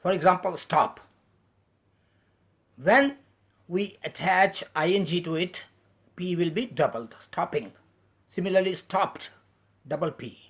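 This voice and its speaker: Fairly high-voiced man spelling words out. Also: a bit bright. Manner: spells words out letter by letter, slow deliberate delivery. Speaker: English teacher. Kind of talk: spelling lesson switching between English and Hindi.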